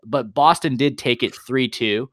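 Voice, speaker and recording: A man's voice: mid-range voice, a little slow, a bit bright, no echo. Guy on an esports podcast, dry close sound, keeps restarting his sentences. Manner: rephrases and stumbles over his words. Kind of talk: casual chat.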